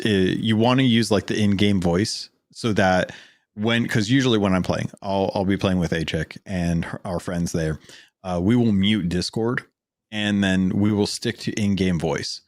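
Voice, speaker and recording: Podcast co-host, male, low voice, loose rambling chat, dry booth sound. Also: moderate pace, dry recording. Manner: rambling, many fillers and restarts. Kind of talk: casual gaming chat.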